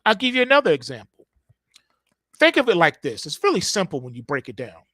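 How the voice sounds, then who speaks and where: A man hosting a market show, telling a casual comic monologue in an animated, slangy way. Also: sits high, a little fast, dry recording, clean studio sound. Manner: animated, voices quotes, slangy.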